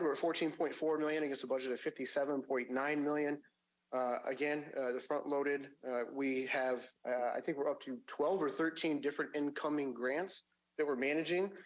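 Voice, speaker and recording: A man giving a finance report at a public agency meeting, with a measured delivery and frequent fillers and restarts. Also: medium pitch, poor audio.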